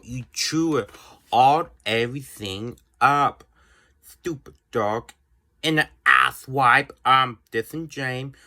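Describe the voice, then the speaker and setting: A man's voice: mid-range voice, slow, sharp tone. A man ranting in a home video, grumbling bluntly and repetitively with mild swearing. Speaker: vlogger.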